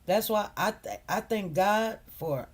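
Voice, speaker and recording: Woman, unhurried delivery, emphatic repeats, casual storytelling to viewers. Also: mid-range voice, animated. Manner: emphatic, repeats phrases, addresses viewers as "you guys". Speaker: commentary channel host.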